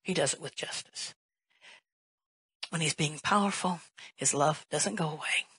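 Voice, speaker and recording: Woman pastor preaching, lowish husky voice, dry close sound, gets loud and emphatic. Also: a little slow, no echo, poor audio. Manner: emphatic, rising to a raised voice, rhetorical questions. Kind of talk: sermon.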